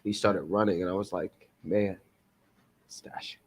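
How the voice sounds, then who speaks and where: A man's voice: deep voice, steady tone, normal speed, slightly rough. A man hosting a podcast, laid-back, telling dad jokes and signing off the show. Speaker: podcast host. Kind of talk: casual chat.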